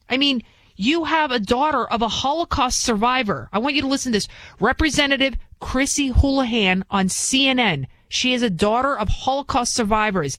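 A woman's voice: on the high side, a bit bright, no room sound. A woman political commentator talking in an indignant, emphatic way, firing off rhetorical questions and repeating her points. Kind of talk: opinion monologue.

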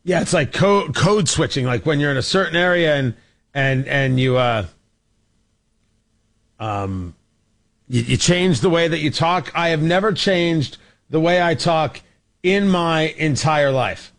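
A man hosting a political talk show, talking in a sarcastic, opinionated riff. His voice sits on the high side and moves expressively through a wide range. He often restarts his sentences mid-thought. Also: measured pace. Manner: sarcastic, animated, with frequent restarts. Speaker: radio talk show host.

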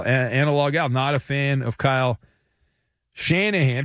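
A man hosts a sports talk radio show, reading fan messages and needling callers with mocking sarcasm. His voice sits a little high, and the studio mic gives it a close, dry sound. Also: no room sound.

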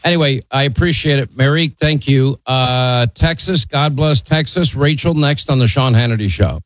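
A man's voice: medium pitch, normal speed, dry recording, low-quality recording. A middle-aged man hosting a call-in talk radio show, blunt and opinionated as he teases his callers. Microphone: studio microphone.

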